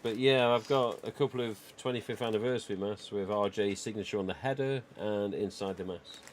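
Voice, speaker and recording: With a lowish voice and a brisk delivery, a man from England hosts a livestream, chatting and rambling casually with many "you know" asides. A slight background noise is audible.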